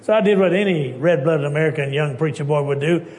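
A preacher from Texas, telling stories in an emphatic sermon that swings between hushed lines and loud ones. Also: male voice, on the high side, fast talker.

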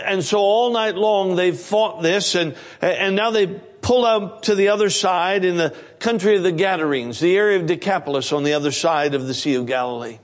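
A man preaching a sermon, retelling a story in a lively way and often repeating words as he starts a phrase. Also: high-pitched. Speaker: pastor.

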